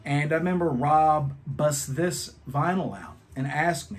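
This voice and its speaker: A man's voice: fairly high pitch, lively intonation, a little slow, faint music behind. A man in his thirties reviewing albums, telling a rambling, profane story in a casual vlog.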